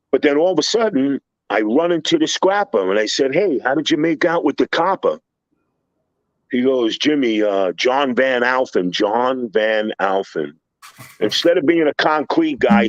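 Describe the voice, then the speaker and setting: A man's voice: medium pitch, dry recording, highs cut off. An older man, a construction contractor, telling a profane story on a podcast with heated, acted-out quotes.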